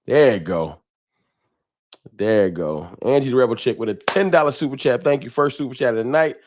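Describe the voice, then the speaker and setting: Speaking brisk and animated into a desk microphone, this mid-range male livestreamer chats casually from a home room with a sign on the wall, against a noisy background. He welcomes viewers one at a time in easygoing slang and keeps a loose, running conversation going with the chat.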